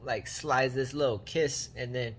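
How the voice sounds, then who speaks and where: A man's voice: mid-range voice, fairly even intonation, measured pace, fairly bright tone, a little hiss or hum. A man giving a casual comedic recap of a movie, rambling in slang and repeating catchphrases. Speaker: movie reviewer.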